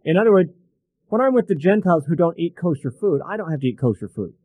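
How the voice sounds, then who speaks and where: Middle-aged guy teaching bible verse by verse, chatty and thinking out loud, slightly high voice, dry close sound. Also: big pitch swings, quick pace, dry recording, poor audio. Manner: conversational, thinking aloud with fillers and asides.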